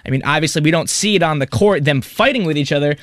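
A man's voice: fairly high pitch, quick pace, no room sound, studio quality. A young man co-hosting a sports podcast, talking eagerly and repeating words as he goes. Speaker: podcast co-host. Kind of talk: casual sports chat.

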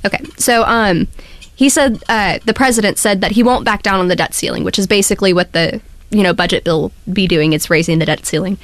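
Radio co-host, woman, measured and hedging in a casual debate; mid-pitched, dry studio sound. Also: dry recording. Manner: measured, hedging, cites news articles.

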